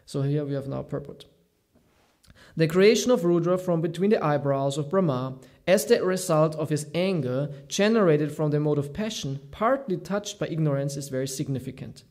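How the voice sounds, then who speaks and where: Man reading scripture, high voice. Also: a little mellow. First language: German. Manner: halting, thinks aloud, searches for words. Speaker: scripture class teacher. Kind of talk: reading scripture aloud with commentary.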